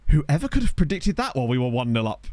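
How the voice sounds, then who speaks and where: Playing a football management game live, a young streamer chats excitably with his audience and reads out their chat as the match goes on. He speaks fast, his pitch leaping around in excited moments. Recorded on a desk USB mic at home, the sound is close and dry, with no room sound.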